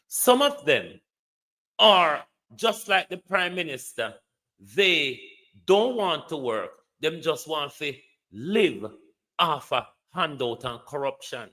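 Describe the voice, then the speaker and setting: Bright-voiced Jamaican man scolding. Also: a little high, animated, takes it slowly. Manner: scolding, mocking, drops into patois. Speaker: political commentator. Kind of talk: livestream political rant.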